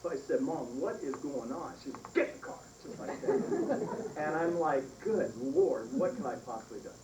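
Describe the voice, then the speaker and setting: Animated man telling a story, echoey and distant. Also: on the high side, moderate pace. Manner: animated storytelling with frequent laughs. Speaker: son giving a eulogy. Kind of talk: humorous storytelling at a funeral. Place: funeral service hall. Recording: echoey room from far off, noisy.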